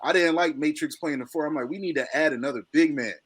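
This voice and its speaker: A man with a slightly higher voice hosts a casual sports chat, asking long, rambling questions with a fan's eagerness. He talks loosely, with many fillers. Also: quick pace, fairly bright tone, a little hiss or hum. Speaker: podcast host.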